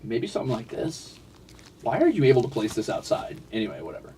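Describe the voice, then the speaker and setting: A man's voice: mid-range voice, wildly swooping pitch, quick pace, warm tone, far from the mic, slight background noise. A man streaming a game, rambling casually and chatting with his viewers. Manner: rambling, chatty, talks to his cats and chat. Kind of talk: casual livestream chat while playing.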